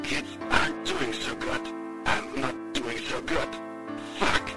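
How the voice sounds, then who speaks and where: A man's voice: medium pitch, takes it slowly, voice pushed up, lightly acted. A man reading an audiobook, voicing a desperate male pegasus radio operator who curses and pleads for help. Music plays behind him. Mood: weak. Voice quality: cursing, panicked, pleading. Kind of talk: audiobook character voice.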